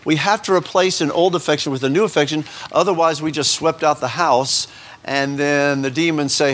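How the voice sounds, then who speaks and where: A man delivering a sermon with a slightly raised pitch. He talks loosely and conversationally, stopping himself mid-sentence for asides and checking in with "right?" as he goes. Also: moderate pace, a bit bright. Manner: conversational, self-interrupting, asides and rhetorical "right?". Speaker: pastor.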